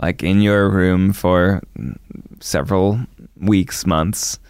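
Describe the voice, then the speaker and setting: A man's voice: sits low, steady tone, slow pace, a little mellow, clean tone, no echo, clean studio sound. A man co-hosting a podcast in casual chat, playful and joking. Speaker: podcast co-host.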